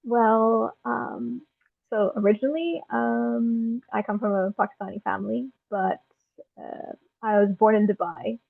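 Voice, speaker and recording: A woman's voice: on the high side, steady tone, unhurried, vocal fry. A young woman with an Irish accent, a guest poet chatting casually in an interview, with frequent ums and easy laughter, heard over a remote call. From Ireland. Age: young adult. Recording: tinny phone-like remote call.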